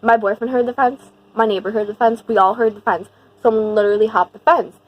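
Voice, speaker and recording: A young woman telling a storytime on her vlog in a slangy, rambling way full of "like", animated and emphatic. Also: fairly high pitch, fast, muffled recording. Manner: slangy, rambling, heavy use of "like"; animated and emphatic when retelling the scary part. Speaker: vlogger. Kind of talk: casual storytime.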